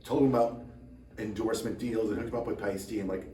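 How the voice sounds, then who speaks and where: A man's voice: on the low side, fairly even intonation, fairly quick, warm tone, reverberant, far from the mic. A tired man hosting his own channel, chatting casually to camera with rambling, self-mocking dry jokes. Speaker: drummer and channel host.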